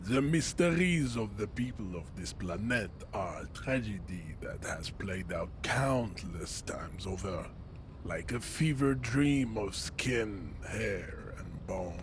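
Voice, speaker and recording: A pompous racist bouncer lecturing slowly. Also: male voice, fairly low pitch, expressive, a little hiss or hum. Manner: slow grandiose lecturing, dripping contempt. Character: towering racist male bouncer, pompous pseudo-scientist. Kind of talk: game voice acting. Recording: game audio under music.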